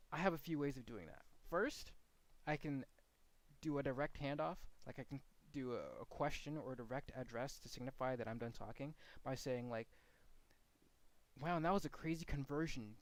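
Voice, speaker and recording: A man's voice: mid-range voice, dry recording. A man giving frank, casual feedback to two commentators as their coach, walking them through examples. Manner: frank, blunt, demonstrates commentary inflection.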